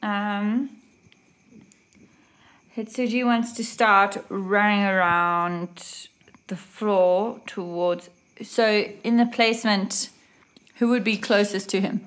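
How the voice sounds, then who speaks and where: A woman player in a tabletop role-playing game, thinking her moves through out loud. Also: medium pitch, slow pace. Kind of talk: casual tabletop play.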